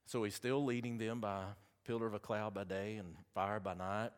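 A man's voice: lowish voice, flat delivery, moderate pace, clean tone. A man with a Southern accent preaching a sermon, chatty and folksy, with asides between the scripture readings.

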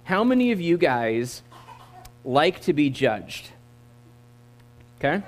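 An American man giving a sermon in a voice a little higher than most men's. His delivery is easygoing and joking, as he coaxes the congregation to join in and answer back. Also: very animated, slow. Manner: conversational, joking, audience-engaging. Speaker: guest preacher. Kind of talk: sermon with opening prayer.

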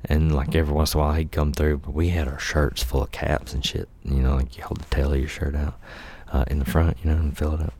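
Very deep-voiced man, profane storyteller. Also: level tone, fast, darkish tone, slightly rough. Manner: profane, laid-back, laughs often, acts out quotes. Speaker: podcast host telling life stories. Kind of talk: casual storytelling monologue.

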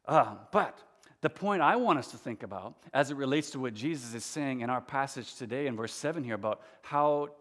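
A man's voice: mid-range voice, lively intonation, a little fast, long reverb tail. A man delivering a sermon as a pastor, talking in a conversational way with asides and reading scripture aloud. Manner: conversational preaching with asides and restarts.

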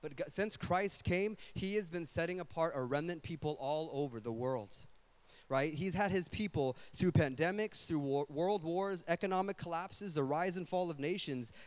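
A young adult man preaching a sermon in a casual, animated way, full of slang and quick asides. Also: fairly high pitch. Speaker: pastor.

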